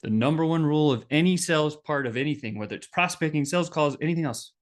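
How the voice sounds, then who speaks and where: A man hosting a business podcast, telling a personal story in a lively, animated way and acting out the voices of the people in it. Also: a little high, fast. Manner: animated, acts out quoted voices. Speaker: podcast host.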